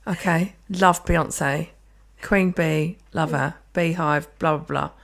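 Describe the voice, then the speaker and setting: A woman's voice: deep voice, fairly even intonation, slow, gravelly. A woman, co-hosting a casual podcast chat, ranting with jokes and swearing. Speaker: podcast co-host.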